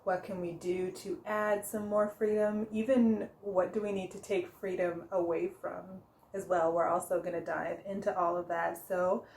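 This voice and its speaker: A woman giving a casual tarot reading for her vlog, chatty and quick to laugh, often stopping to correct herself. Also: fairly low pitch, flat delivery, darkish tone, reverberant, a little hiss or hum, poor audio. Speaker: tarot reader.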